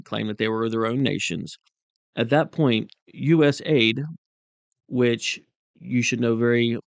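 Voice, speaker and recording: A man's voice: medium pitch, gravelly, dry recording. A man hosting casual political commentary, rambling and insistent in a conspiratorial tone.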